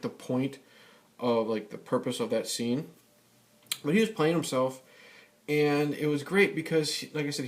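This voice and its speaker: A man vlogging a casual rant, swearing often and rambling with many fillers and restarts. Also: medium pitch. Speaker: YouTube vlogger. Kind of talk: casual ranting vlog.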